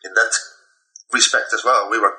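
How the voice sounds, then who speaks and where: Older Dutch man, bright and halting. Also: lowish voice, steady tone, low-quality recording. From Netherlands. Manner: halting, many fillers and restarts. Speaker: interview guest, author. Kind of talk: recounting memories in conversation.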